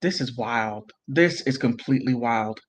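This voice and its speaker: A commentary channel host with a medium-pitched voice reads messages and remarks on them in between. He stumbles, speaks haltingly and cuts himself off to exclaim in disbelief. The recording quality is low.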